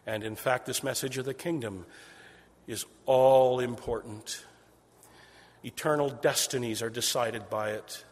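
A man preaching an expository sermon. He builds phrases in rhythmic repeated series and swings from loud emphasis to a hushed near-whisper. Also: mid-range voice, steady tone, unhurried. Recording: long hall reverb.

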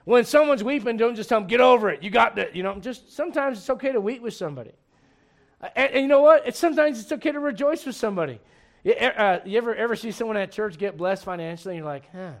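High-voiced animated preacher man. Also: fast. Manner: animated preaching with humor and rhetorical questions. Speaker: pastor. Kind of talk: sermon.

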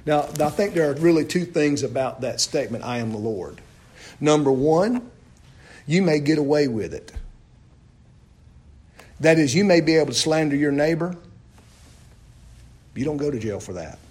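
A man preaching a sermon, asking his listeners loud questions and dropping to low, hushed lines. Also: animated, normal speed, long pauses, breathy edge.

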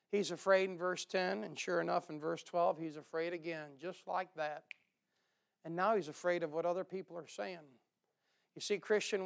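High-pitched gravelly preacher. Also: male voice. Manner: emphatic, rising to loud bursts then dropping low; repeats key phrases for emphasis. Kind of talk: sermon.

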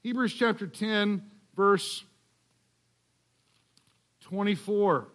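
Speaking extremely slowly in a high, slightly bright voice, a guest preacher delivers a sermon in church. He walks through a scripture passage in a conversational style, dropping in funny asides.

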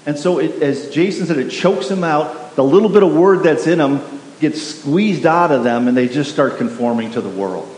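A pastor preaching a sermon, emphatic and repetitive, putting questions to the congregation. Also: male voice, fairly high pitch, animated, normal speed, a little mellow. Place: church sanctuary. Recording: echoey hall with faint hiss.

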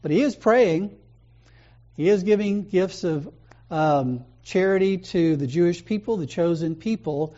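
A pastor preaching a sermon in a conversational, storytelling way. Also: male voice, sits high, a little slow, warm tone, dull audio.

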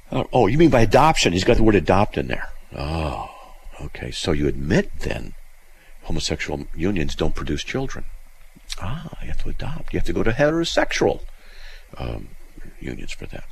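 A male radio host reading listener mail aloud and mocking it in a sarcastic, animated way. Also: moderate pace, vocal fry, slight background noise. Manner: sarcastic, mocking, animated with sudden pitch jumps.

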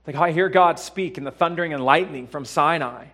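Male pastor in the pulpit, slightly high voice, fiery sermon delivery that rises from hushed to booming, heavy on repetition and rhetorical questions. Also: a little fast. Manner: swings from hushed lows to loud emphatic peaks. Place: church.

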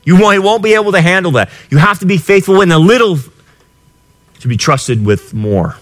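Impassioned preacher man, lively high voice. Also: fairly quick. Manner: impassioned preaching, swinging from quiet to shouted. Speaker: pastor. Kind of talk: sermon.

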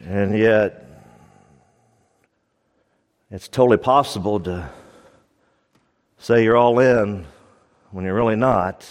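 A man's voice: lowish voice, slow, pauses often. Man, pastor, preaching, emphatic, repeats key points, long reverb. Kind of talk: sermon.

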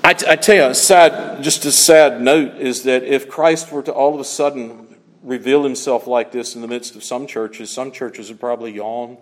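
A man preaching a sermon, swinging between loud emphatic lines and hushed asides. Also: medium pitch, steady tone, moderate pace, in a large hall.

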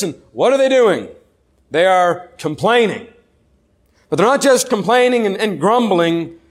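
A man preaching a sermon earnestly, asking the listeners questions and slowing down to stress key words. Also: high voice.

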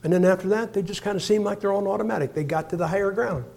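Older male preacher, 60s, high voice, folksy humor, swings from quiet asides to loud bursts. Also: rapid-fire, vocal fry. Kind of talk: sermon.

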